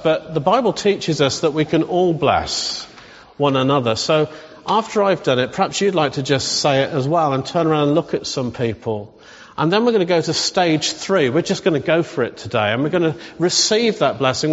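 A man leading a congregation through a blessing and prayer, gentle and reassuring, slowing down for the prayers. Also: fairly high pitch. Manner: gentle, reassuring, slows down for read-aloud prayers. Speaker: preacher. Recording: long hall reverb, dull sound.

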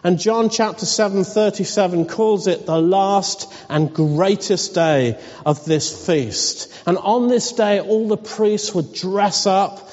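A man's voice: high voice, slow, hardly any pauses, darkish tone. Man, preacher, storytelling sermon, wry, lo-fi dull sound, reverberant hall.

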